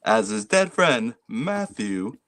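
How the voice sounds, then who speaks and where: A man speaking in a flat, formal, robotic way, deadpan and trolling. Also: on the low side, takes it slowly. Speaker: stream guest.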